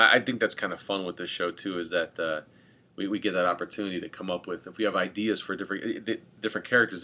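Guy with a lowish bright voice, rambly podcast chat, cracks bad jokes. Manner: rambling, self-correcting, joking. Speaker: podcast co-host. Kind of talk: casual chat.

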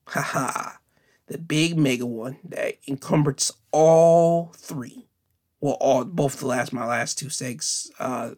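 A man hosting a solo podcast, speaking in an unhurried way with restarts and emphatic repeats. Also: medium pitch. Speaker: host.

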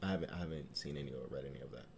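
Male co-host, very low voice, relaxed halting chat, faint background noise. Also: gravelly. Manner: relaxed, hesitant, lots of ums. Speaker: podcast co-host. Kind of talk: casual chat.

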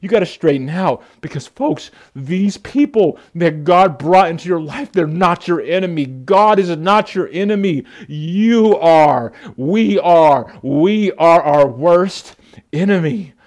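Male pastor, fervent, stumbling restarts, slightly higher voice. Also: animated, slow pace. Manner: impassioned, repetitive restarts, acts out quotes loudly. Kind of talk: sermon.

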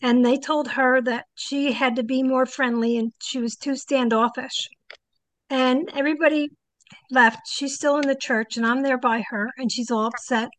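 A woman's voice: high voice, fairly even intonation, normal speed, a bit bright, no echo. An older woman, a psychic guest, telling stories in a casual interview and animatedly acting out the people she quotes.

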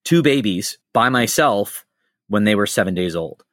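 A man's voice: fairly low pitch, normal speed, no echo, studio quality. A middle-aged man hosting a podcast, telling stories in casual chat and acting out the quotes he tells. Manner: animated storyteller, acts out quotes. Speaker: podcast host.

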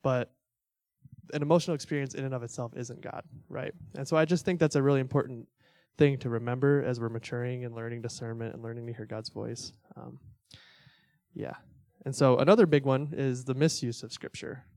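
A young church teacher delivers a casual, chatty talk packed with fillers and self-deprecating little laughs. His voice is an ordinary middle pitch and a little fast. The recording is close and dry, with no room sound.

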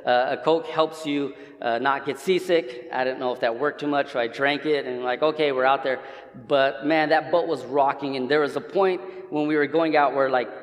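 A man's voice: a little high, long reverb tail. A man preaching a sermon in a church, casual and conversational, often restarting his sentences. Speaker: pastor. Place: church sanctuary.

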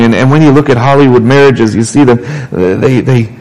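A man's voice: medium pitch, brisk, a little mellow, poor audio. A man preaching a sermon in a casual, conversational way. He often restarts and repeats words as he talks. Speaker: pastor.

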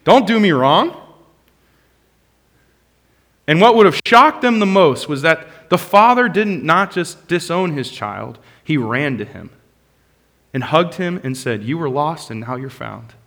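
Passionate preacher in a reverberant hall. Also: male voice, fairly high pitch, animated, measured pace. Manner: passionate, swings from loud bursts to soft hushed lines. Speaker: pastor. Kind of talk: sermon.

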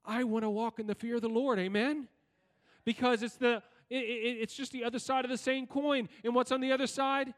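A man with a high voice preaches to his congregation, throwing questions out to the room as he reads and explains scripture. His voice rings with a long reverb through the church sanctuary. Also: fairly even intonation, fairly quick, fairly bright tone. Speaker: pastor. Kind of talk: sermon.

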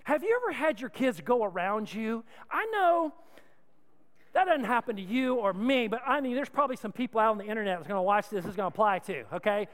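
Lively preaching man in a hall. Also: high-pitched, a little fast. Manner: call-and-response preaching, asks crowd to repeat; lively, swings between loud and hushed. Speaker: pastor. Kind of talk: sermon. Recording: long hall reverb.

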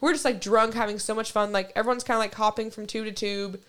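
This young woman talks fast in a steady, mid-range voice. As a podcast co-host, she spins out a long, rambling story in casual chat, full of profanity and nonstop "like".

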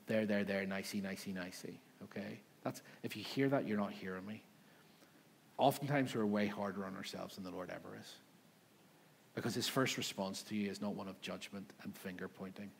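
A man's voice: on the low side, a little hiss or hum. A man, preaching a sermon as pastor, talking in an earnest, conversational way with asides to the room. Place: church service in a room.

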